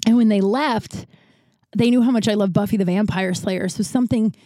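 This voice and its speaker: Mellow-voiced woman telling a candid story. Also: mid-range voice, normal speed, no echo. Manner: candid and profane, rambling with restarts. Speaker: podcast host. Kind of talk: casual storytelling monologue.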